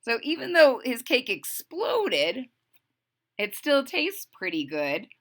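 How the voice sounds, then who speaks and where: A woman's voice: on the high side, wildly swooping pitch, slow pace. A woman reading a picture book aloud to children, stopping to explain the story in chatty asides.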